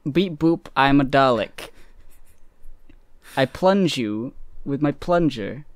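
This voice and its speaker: A man voicing a silly male robot alien attacker in a slow, deadpan way. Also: medium pitch, no echo. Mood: mock threatening.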